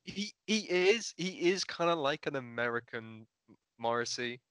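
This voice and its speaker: A man talking over an album in a casual podcast chat, thoughtful and a bit halting. His voice is bright and crisp. The sound is dry and close. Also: medium pitch, animated, no room sound. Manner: thoughtful, halting, restarts often. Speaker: podcast co-host. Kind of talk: casual music review chat.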